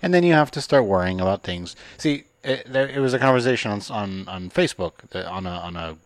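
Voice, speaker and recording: A man's voice: fairly low pitch, expressive, a little fast, no echo. A man co-hosting a casual sports podcast, rambling with many ums and uhs. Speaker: podcast co-host.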